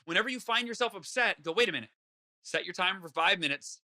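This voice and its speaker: Guy guest on an interview, high voice, super bright and forceful, earnest. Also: fast. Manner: earnest, acts out his own inner voice. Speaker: guest author. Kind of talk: conversational interview.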